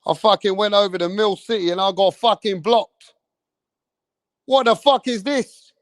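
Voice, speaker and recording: This is a high-pitched English man speaking at a moderate pace in studio-quality audio with no room sound. He hosts a boxing channel and is angrily ranting on a livestream, swearing nonstop and repeating himself.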